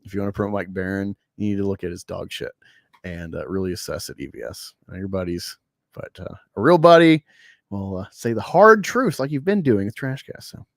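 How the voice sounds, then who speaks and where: A man's voice: sits low, lively intonation, a little fast, creaky, dry recording, studio quality. A man co-hosting a casual chat, talking bluntly and laughing often. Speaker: co-host.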